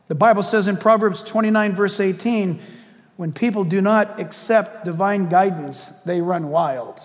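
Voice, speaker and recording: A man preaching a sermon as pastor, animated and joking, acting out little voices of gossipers. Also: high-pitched, a little slow, in a large hall. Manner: animated preaching with playful asides and acted-out gossip.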